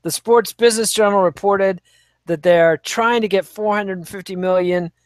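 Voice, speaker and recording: A man with a high-pitched voice talks on a podcast, offering wry commentary that meanders with plenty of fillers. The sound is dry and close. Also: steady tone, moderate pace, no echo. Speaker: podcast co-host. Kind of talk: casual chat.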